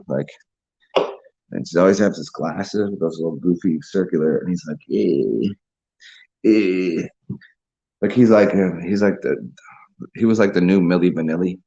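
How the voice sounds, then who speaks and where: A man's voice: deep voice, mellow, highs cut off. A man hosting a casual livestream, rambling, laughing and chatting with viewers over a beer. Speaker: livestream host.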